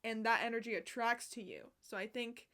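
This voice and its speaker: A young woman chatting casually to camera as a vlogger, bubbly and swearing a lot, with bursts of loud laughter and whispered asides. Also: a little high, moderate pace, slight background noise.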